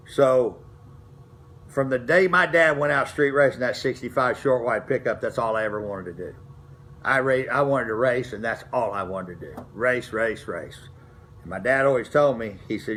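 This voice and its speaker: A man's voice: mid-range voice, normal speed, fairly bright tone. A middle-aged man, telling racing stories from his past in a folksy, rambling way, full of restarts. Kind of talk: casual storytelling to camera.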